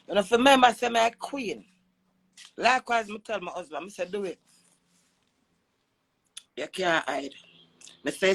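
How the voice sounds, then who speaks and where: A Jamaican woman ranting with loud, brash cursing, swinging between shouting and low mutters. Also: moderate pace, pauses often, poor audio. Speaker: social media personality. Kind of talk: cursing rant.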